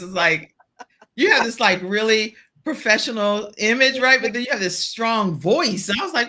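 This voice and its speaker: Woman, talk show host, crisp bright voice, chatty, animated, talks straight to viewers. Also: a little high, fairly quick. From Virginia, US. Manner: chatty and animated, addresses the audience directly. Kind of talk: upbeat virtual talk show hosting.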